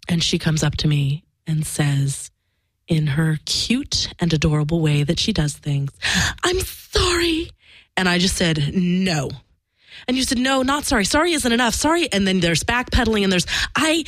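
A woman whose voice sits on the low side shares a personal story casually and frankly, emphatic and freely swearing. She acts out the lines of the people in it, and the recording is dry.

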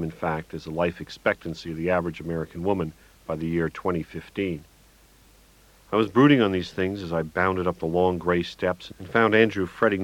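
Deep-voiced man narrating a gritty tale. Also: dry recording. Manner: wry, gritty storytelling. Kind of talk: audiobook narration. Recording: dull lo-fi dry recording.

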